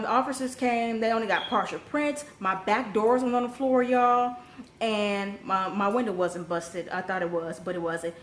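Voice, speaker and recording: A young adult woman telling a personal story in a casual vlog, blunt and profane, with sudden animated rises when she gets heated. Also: a little high. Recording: echoey room with faint background noise.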